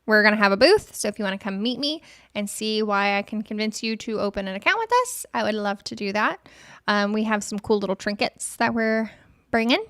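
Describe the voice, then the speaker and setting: A woman's voice: medium pitch, brisk, fairly bright tone, no room sound, clean studio sound. A woman, a credit union guest on a morning show, chatting in a bubbly, self-mocking way. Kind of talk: casual chat.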